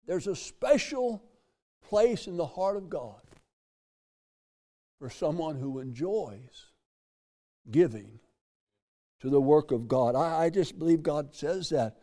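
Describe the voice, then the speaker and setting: A man's voice: a little high, expressive, measured pace, mellow. An older man, preaching a sermon in a folksy way, repeating phrases and reading scripture aloud. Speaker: pastor.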